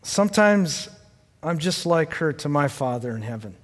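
A man's voice: a little high, animated, moderate pace. An older man preaching a sermon, telling a personal family story in a conversational way and addressing the congregation directly. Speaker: pastor. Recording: long hall reverb.

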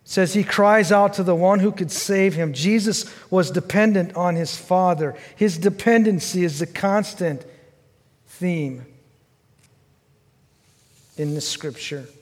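A male pastor preaching a sermon, asking the congregation questions and swinging from fervent pleading to quiet, low reflection. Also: measured pace, in a large hall. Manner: earnest and questioning, rising to fervent pleading then dropping low.

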